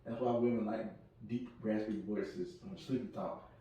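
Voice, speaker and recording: A man's voice: lowish voice, normal speed. A young man telling stories in a casual podcast chat, acting out other people's voices as he goes. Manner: animated, acts out voices in his stories. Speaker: podcast co-host. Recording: echoey room, mic at a distance.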